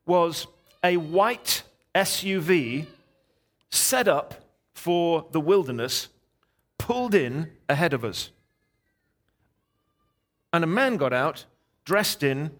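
A middle-aged man preaching as a guest, telling a story in a lively, animated way and voicing the people in it. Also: a little high. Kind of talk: sermon storytelling.

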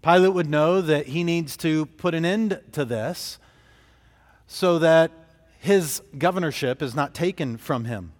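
A man's voice: fairly high pitch, measured pace. Earnest male preacher in a reverberant hall. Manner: earnest, thinking aloud with frequent restarts. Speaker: pastor. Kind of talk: expository sermon.

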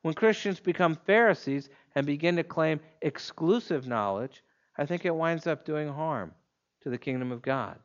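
A man preaching an expository sermon in a measured, emphatic way, leaning on pointed pauses. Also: on the high side, expressive, highs cut off.

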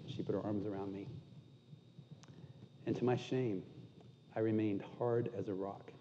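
A pastor preaching with a mellow, dark-toned voice, telling a story against himself and letting it fall to a near hush at the tender parts. His voice rings out with long reverb in a big hall, and the sound is slightly dull and muffled. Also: on the low side, steady tone, moderate pace, pauses often, a little hiss or hum. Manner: candid storytelling, self-deprecating, drops to a hush at tender moments. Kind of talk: sermon.

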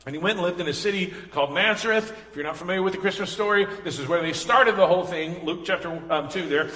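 A man delivers a sermon in a conversational, earnest way that builds into emphatic passion. His voice sits a bit high and bright with a forceful edge. A long hall reverb trails each phrase, as from a big church sanctuary. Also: fast talker, hardly any pauses. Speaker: pastor.

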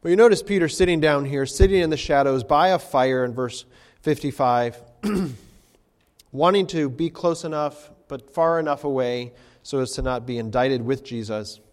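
A man preaching a sermon, leaning on rhetorical questions as he works through a passage. His voice sits at a middling pitch, and it carries with a long reverb as if filling a church hall. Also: moderate pace, darkish tone. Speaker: pastor.

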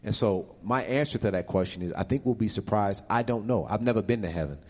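A man giving an emotional, animated personal testimony and answering questions as a guest in a church. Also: lowish voice, brisk, in a large hall.

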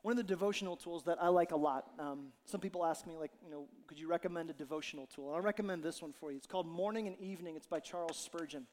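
A male pastor delivers a sermon with a lively, joking manner, slipping into little acted-out quotes. His voice sits high for a man. The sound carries a long reverb from a large church hall. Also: quick pace, hardly any pauses. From Ohio. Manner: animated, jokey, acts out quotes.

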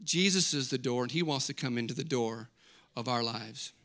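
A man's voice: mid-range voice, moderate pace. A man preaching a sermon to a congregation, telling stories with humor and reading scripture with rising emphasis. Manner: animated, joking storytelling preacher. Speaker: pastor.

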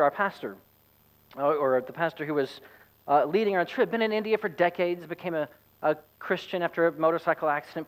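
Man, pastor, conversational sermon, storytelling, somewhat high-pitched. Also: poor audio. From United States.

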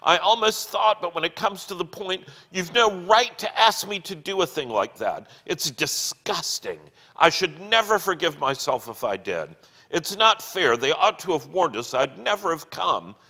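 A man voicing a frantic, ashamed female ghost who pleads in high-strung protests. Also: sing-song, moderate pace, bright, forceful tone, full character voice. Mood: distraught pleading. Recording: long hall reverb.

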